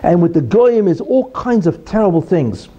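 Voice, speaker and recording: A man's voice: high-pitched, very animated, normal speed, mellow, muffled recording, slight background noise. A man giving a Torah lesson in a conversational way, asking rhetorical questions and explaining terms. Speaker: religious teacher.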